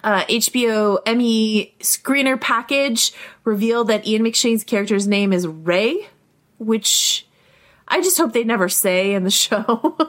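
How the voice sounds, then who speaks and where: A woman co-hosting a casual podcast discussion, animated and chatty, with quick asides. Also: fairly high pitch. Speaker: podcast co-host.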